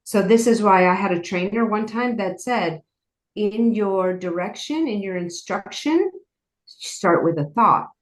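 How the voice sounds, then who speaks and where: A woman's voice: medium pitch, a little slow. A woman guest telling personal stories in an earnest, rambling way, often saying "like.". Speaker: guest, horse program founder. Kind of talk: personal storytelling in interview. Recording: roomy echo.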